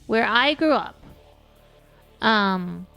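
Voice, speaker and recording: A woman's voice: on the high side, expressive, extremely slow, creaky, sharp tone, dry recording. A woman streamer chatting casually while gaming, rambling and self-deprecating, often restarting her sentences. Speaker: VTuber streamer. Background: faint background music.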